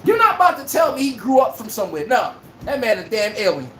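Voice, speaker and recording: Male livestream sports host, loud and profane, speech, echoey room, faint background noise. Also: sits high, quick pace. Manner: animated, profane, trash-talking. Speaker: podcast host. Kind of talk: casual sports commentary livestream.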